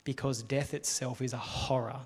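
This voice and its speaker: A man preaching a sermon to a gathered room, speaking in an earnest, measured way and pausing for rhetorical questions. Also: medium pitch, level tone, husky. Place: hall with a live audience. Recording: long reverb of a large hall.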